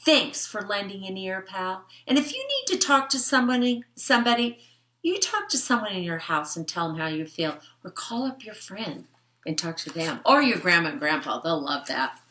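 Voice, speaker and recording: An older woman reading a picture book to children in a gentle, chatty way, stopping to explain words and talk to the kids. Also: mid-range voice, animated, moderate pace, roomy sound. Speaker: storytime reader.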